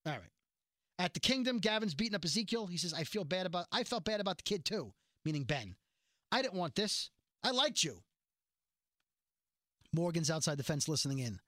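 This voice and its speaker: High, bright-voiced man recapping a show. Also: dry recording, studio quality. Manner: animated retelling with quick quoted voices. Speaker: podcast host recapping a TV episode. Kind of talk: casual chat.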